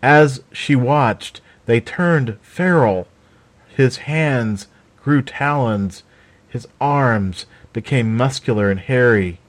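A man narrates a fantasy adventure aloud, his reading steady and even. His voice sits at a middling pitch, neither high nor low. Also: slow. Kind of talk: storybook narration.

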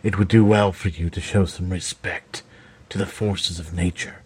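A man voicing a grave, solemn male forest guardian who speaks in a low, measured way in a storybook reading. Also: fairly even intonation, husky. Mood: threatening.

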